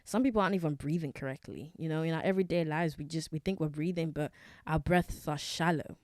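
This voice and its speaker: A woman's voice: sits low, quick pace, darkish tone, no room sound, clean studio sound. A young woman hosting a casual solo wellness podcast, chatty and self-correcting, with many fillers. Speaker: podcast host.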